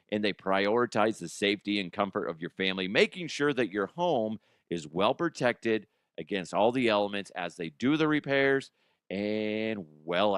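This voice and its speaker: A male podcast host riffing through comedic news with a loose, self-mocking manner and the odd swear. His pitch swings a lot as he jokes. The sound is close and dry, with no room around it. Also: fairly bright tone, smooth, no echo.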